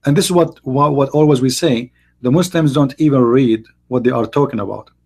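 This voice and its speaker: Husky man hosting a live stream. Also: medium pitch, darkish tone. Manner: halting, many fillers and restarts. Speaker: host. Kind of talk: live-stream debate talk.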